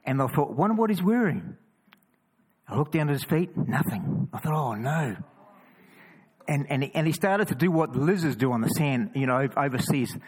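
A man with a New Zealand accent tells stories in a relaxed, chatty way. His voice sits at an ordinary middle pitch. He often trips over his words and repeats them, then adds a quick "you know what I mean" aside. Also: husky, poor audio. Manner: lively, stumbling restarts, chatty asides. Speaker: cross-carrying Christian walker. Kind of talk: casual storytelling testimony.

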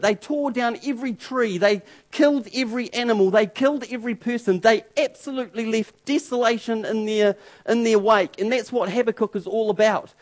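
A man preaching a sermon, emphatic and dramatic, repeating phrases for force and swinging between loud and hushed. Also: very high-pitched.

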